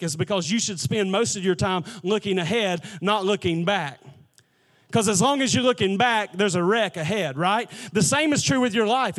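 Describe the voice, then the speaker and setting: A pastor delivering a sermon in a very high voice for a man. He talks conversationally but presses his points with emphasis. He keeps drawing the congregation in with questions. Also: fairly bright tone.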